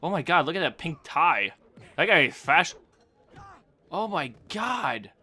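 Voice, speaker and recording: Excitable gamer with a lively, bright voice. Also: mid-range voice, unhurried, husky. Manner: excitable, yelps and shrieks at sudden events; talks to self, swearing and laughing. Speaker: gameplay commentator. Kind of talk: let's play commentary.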